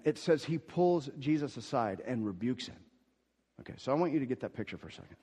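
A man preaching a sermon, telling the story with sudden swings between loud emphasis and hushed asides. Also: mid-range voice, animated, fast, breathy edge, in a large hall. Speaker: pastor.

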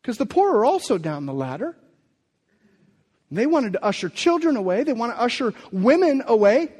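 A man's voice: very high voice, very animated, moderate pace, a little mellow, big-room sound. A man preaching a sermon in a conversational way, asking rhetorical questions and restarting his sentences. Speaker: pastor.

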